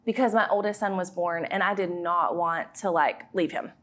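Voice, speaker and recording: A woman in her thirties with a thick Southern American accent, a guest in a casual podcast interview, talking in a chatty, animated way. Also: lowish voice, moderate pace. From Southern United States. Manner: chatty and animated, acts out her own past lines. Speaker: guest, YouTube creator and business owner.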